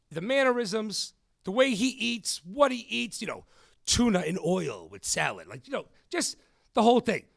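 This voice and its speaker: A male podcast host telling a story in an animated way, calling listeners "folks". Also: high voice, gravelly, no room sound, clean studio sound.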